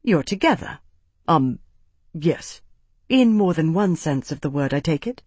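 The narrator doing Isana, a firm caring aunt. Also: female voice, low-pitched, a little slow, breathy edge, no echo, full character voice. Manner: calm, firm questioning.

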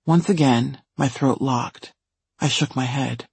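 A man reading a first-person story aloud in a steady audiobook narration. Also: medium pitch, slow, gravelly, husky, no echo.

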